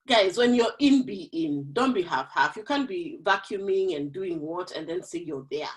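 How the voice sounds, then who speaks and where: A woman's voice: on the low side, rough recording. A woman hosting an online women's forum over a video call, chatty and laughing often. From Kenya. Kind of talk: casual chat on a video call.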